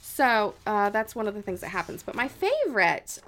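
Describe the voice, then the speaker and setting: A woman's voice: mid-range voice, very animated, moderate pace, fairly bright tone, slight background noise. Young woman, podcast co-host, chatty ghost-story telling, lots of fillers. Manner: chatty, many "like" fillers, dramatic quoted voices.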